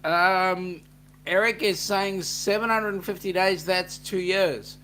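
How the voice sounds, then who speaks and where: A man's voice: sits high, fairly even intonation, takes it slowly, sharp tone, a little hiss or hum. A man with an Australian accent co-hosting a casual livestream chat, reading out viewer comments with a joking, teasing manner.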